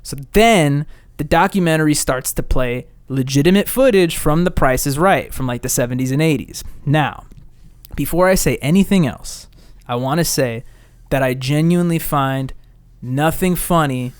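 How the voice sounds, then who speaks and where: A young man hosting a casual podcast chat, telling a story in an animated way and swearing freely. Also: a little high, moderate pace, clear, resonant tone, no room sound. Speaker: podcast host.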